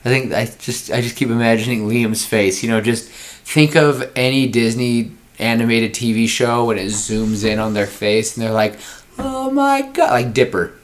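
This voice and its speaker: A man hosting a podcast, pitching story ideas in a rambling casual chat with frequent laughs. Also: flat delivery, normal speed, hardly any pauses. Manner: rambling, laughs often, acts out scenes.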